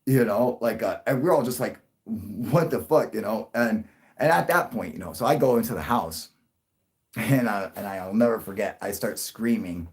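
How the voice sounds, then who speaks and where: A man's voice: animated, moderate pace. Rambling, swearing man telling a story. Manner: rambling, profane, restarts a lot, jumps into loud high bursts for quoted voices. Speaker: livestream host telling a story. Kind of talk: casual storytelling to a live audience.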